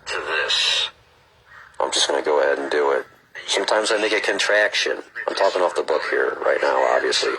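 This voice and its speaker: A man's voice: very deep voice, expressive, quick pace, background noise. A man reading a book aloud, breaking off to chat casually and explain his reading choices. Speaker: reader.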